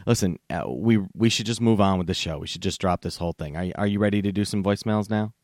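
A man hosting a comedy podcast, animated and laughing, with casual swearing. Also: fairly low pitch, fast talker, no echo, studio quality. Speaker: podcast host.

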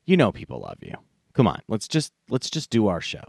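A man's voice: on the low side, brisk, vocal fry, husky, no echo, studio quality. A man hosting a comedy podcast, casual and profane. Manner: profane, animated, laughing. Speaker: podcast host.

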